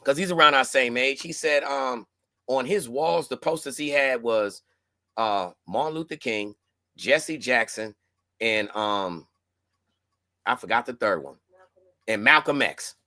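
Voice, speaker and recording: A middle-aged male host talking in loose, slangy conversation, often stumbling over repeated words. His voice is gravelly with a bright, forward edge. The sound is dry and close. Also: medium pitch, measured pace, long pauses, dry recording. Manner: laid-back slangy talk with many repeated words. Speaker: podcast host. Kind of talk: casual chat.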